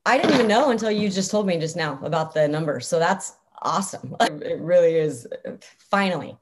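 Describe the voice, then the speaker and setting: Upbeat chatty young woman, lowish voice. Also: expressive, a little fast. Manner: upbeat, chatty, frequent "like" fillers and laughs. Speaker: interview guest. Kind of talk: casual interview talk.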